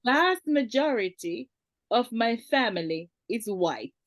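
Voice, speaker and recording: A woman speaking as a guest in a candid conversation, reflective and measured, with wry laughter. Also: on the high side, big pitch swings, no room sound.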